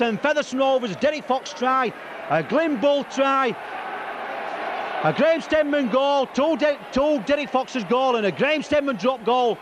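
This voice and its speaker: A man giving excitable, partisan live rugby league commentary, hoarse from shouting at an outdoor ground. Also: very high-pitched. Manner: excitable, partisan, rattling off player names. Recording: noisy outdoor broadcast.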